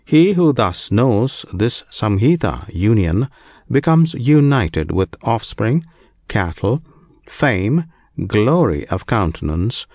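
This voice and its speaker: A man reads ancient scripture in a slow, deliberate, solemn cadence. His pitch rises and falls expressively across each phrase, and the recording is dry and close with no room sound. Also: darkish tone, no room sound. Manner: slow, measured, solemn reading. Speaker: narrator.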